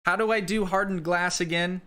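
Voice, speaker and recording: Young adult man, American accent, bright tone, rambling casual gameplay chat, talking to viewers. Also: high voice, fairly even intonation, fairly quick, clean tone. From United States. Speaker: gaming streamer.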